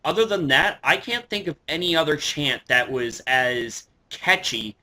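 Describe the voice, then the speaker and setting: A man with a bright, forceful voice chats casually as a vlogger. He gets excitable, swears freely and keeps restarting his sentences with fillers. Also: on the high side, measured pace, a little hiss or hum. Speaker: wrestling vlogger. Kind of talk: casual reaction commentary.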